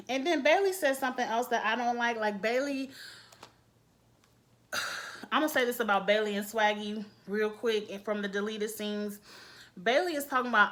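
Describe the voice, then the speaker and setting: Woman vlogger, casual opinionated recap, higher-pitched and outspoken. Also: normal speed, fairly bright tone. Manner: blunt, candid, chatty. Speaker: reality TV reviewer.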